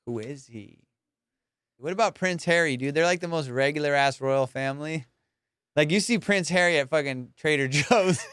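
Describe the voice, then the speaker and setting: A man's voice: fairly high pitch, moderate pace, a bit bright, clean tone, no room sound, studio quality. A man hosting a comedy podcast, rambling casually, swearing a lot and laughing often. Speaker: podcast host.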